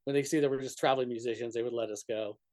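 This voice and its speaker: A man's voice: mid-range voice, fairly even intonation, rapid-fire, a little mellow. A man from northern New Mexico, a touring musician, telling road stories in a rambling way full of "like" and restarts, laughing often. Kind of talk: casual storytelling interview.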